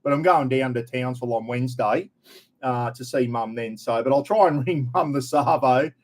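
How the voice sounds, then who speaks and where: A man's voice: mid-range voice, normal speed. A middle-aged Australian man hosting a casual live stream, greeting viewers one by one with a friendly, chatty manner. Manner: chatty, friendly, lots of g'day mate.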